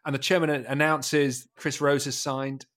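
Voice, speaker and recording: A man's voice: medium pitch, level tone, normal speed, fairly bright tone. A man co-hosting a podcast, recounting film scenes in casual chat and laughing often. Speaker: podcast co-host.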